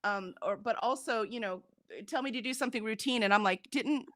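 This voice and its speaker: A woman co-hosting a reading stream in casual chat, reading out viewer comments with animated, laughing energy. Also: a little high, brisk, dry recording, studio quality. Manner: animated, chatty, laughs often. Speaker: co-host of a reading sprint stream.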